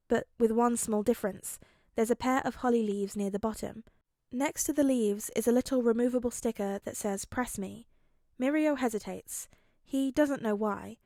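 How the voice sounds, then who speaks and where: A woman reading fan fiction aloud as an audiobook, with a gentle, chatty manner. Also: on the high side, no room sound, studio quality. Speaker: podfic reader.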